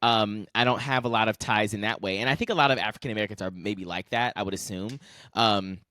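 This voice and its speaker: A man's voice: fairly low pitch, fast, sharp tone, dry recording. A young man co-hosting a podcast, chatting casually with lots of fillers and easy laughter. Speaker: podcast co-host.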